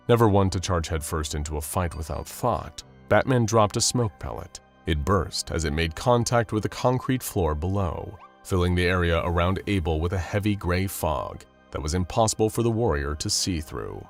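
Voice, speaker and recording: Man, low deep voice, scripted story narration, steady and dramatic, faint music underneath. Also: normal speed, vocal fry, few pauses.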